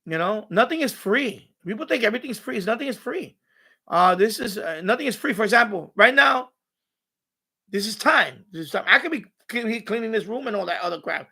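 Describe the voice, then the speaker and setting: A high-pitched man with a gravelly, fry-laced edge talks in a loose, rambling live-stream chat. His tone is bright and sharp as he rants and swears. He sounds like he is in a home radio room. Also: a little fast. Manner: animated, profane ranting with mocking asides.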